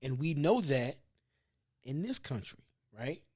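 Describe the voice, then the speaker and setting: A man's voice: mid-range voice, very animated, a little slow, darkish tone, slightly rough. A man hosting a podcast, telling rambling, profane stories in casual chat. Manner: rambling storyteller, loose and profane. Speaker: podcast host.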